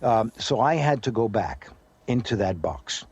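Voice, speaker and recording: Husky older man with softened Brooklyn accent. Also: fairly low pitch, sing-song, measured pace, highs cut off. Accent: Brooklyn New York, softened toward British. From USA. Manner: rambling, anecdotal, many fillers. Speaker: actor guest. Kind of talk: relaxed radio interview chat.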